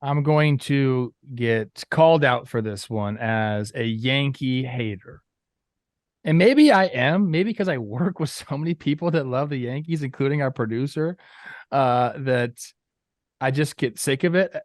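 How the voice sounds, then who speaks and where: A man co-hosting a baseball talk show, opinionated and animated in casual chat. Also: mid-range voice, no echo, clean studio sound.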